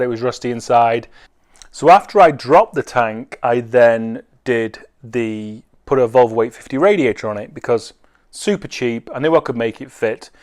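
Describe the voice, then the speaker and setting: A man's voice: mid-range voice, a little mellow. A man who builds cars, telling a rambling anecdote with wry swearing. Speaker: car enthusiast. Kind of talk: casual anecdote.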